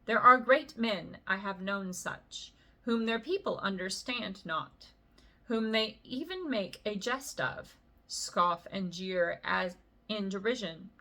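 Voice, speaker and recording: A woman's voice: mid-range voice, takes it slowly, pushed and bright. A woman voicing a solemn old male storyteller who draws a lesson for his listeners.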